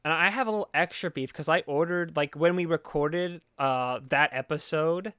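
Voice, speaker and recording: Smooth-voiced sarcastic podcast guy. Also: on the high side, normal speed, a bit bright, dry recording, clean studio sound. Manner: sarcastic, rambling, swears often. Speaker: podcast co-host. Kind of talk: casual movie review chat.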